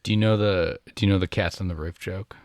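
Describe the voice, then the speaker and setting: A man's voice: low voice, fairly even intonation, fast, a little mellow, no echo, studio quality. A man co-hosting a casual sports podcast, making wry, teasing remarks and telling a joke. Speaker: podcast co-host. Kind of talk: casual chat.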